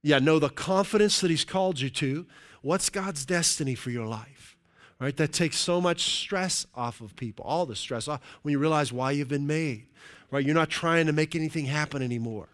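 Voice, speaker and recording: A man's voice: fairly high pitch, normal speed. Man preaching with frequent "right?". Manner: conversational preaching, frequent "right?" check-ins. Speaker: pastor. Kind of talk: sermon.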